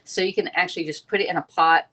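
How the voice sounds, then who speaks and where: Fast-talking chatty woman, lowish voice. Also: fairly even intonation, a bit bright. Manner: fast-talking, chatty, reads viewer comments aloud. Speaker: livestream cooking host. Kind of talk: casual live cooking chat. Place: home kitchen.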